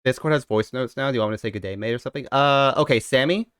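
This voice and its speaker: A man's voice: mid-range voice, rapid-fire, a bit bright, clean tone, no room sound, studio quality. Man rambling to his stream chat. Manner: rambling, talks straight to chat. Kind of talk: casual live-stream chat.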